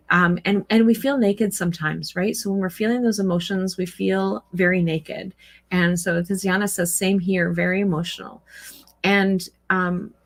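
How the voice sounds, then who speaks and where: Middle-aged female wellness host, casual live-stream talk, earnest, meandering, lots of fillers. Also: mid-range voice. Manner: earnest, rambling, many fillers. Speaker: mental health practitioner hosting a live stream.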